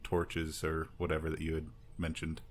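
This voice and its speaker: A man's voice: extremely low pitch, completely flat delivery, normal speed, a little hiss or hum. A man playing a tabletop game, asking plain practical questions. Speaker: player. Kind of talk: casual tabletop game chat.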